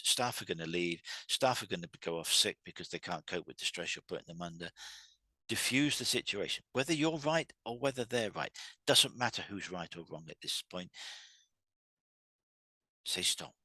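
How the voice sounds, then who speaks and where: A man's voice: low voice, pushed and bright, dry recording. A man hosting a solo talk on workplace communication, conversational and full of restarts, acting out quoted arguments with raised voices. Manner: acts out quoted dialogue with raised, heated voices. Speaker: host.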